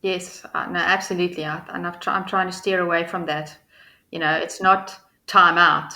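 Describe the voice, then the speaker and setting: A woman's voice: lowish voice, level tone, moderate pace, pushed and bright. A mother on a coaching call, asking earnest, thoughtful questions with some hesitation.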